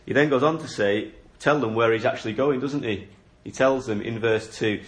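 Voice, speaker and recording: A man's voice: medium pitch, moderate pace, hardly any pauses. A man preaching a sermon, explaining a Bible passage in an earnest, questioning way. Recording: echoey room.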